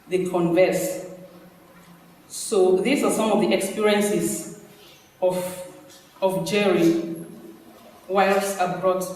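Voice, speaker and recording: A man's voice: high-pitched, darkish tone. Man reading aloud in an echoey hall. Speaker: reader at a panel event. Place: large hall. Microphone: far from mic. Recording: echoey hall from far off, faint noise.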